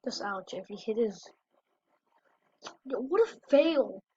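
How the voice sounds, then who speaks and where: A woman talks over fail clips in casual reaction commentary, blurting short exclamations between slow remarks. Her voice sits fairly high and swings widely in pitch. The recording is dull and lo-fi, with a dry, close sound. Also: animated, mellow, husky, no echo.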